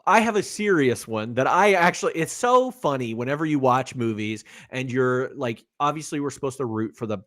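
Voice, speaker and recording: A man's voice: medium pitch, lively intonation, moderate pace, hardly any pauses, fairly bright tone, no echo. Man chatting about a movie, dry sound. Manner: rambling, with many fillers and restarts. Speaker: podcast co-host. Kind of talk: casual movie-review chat.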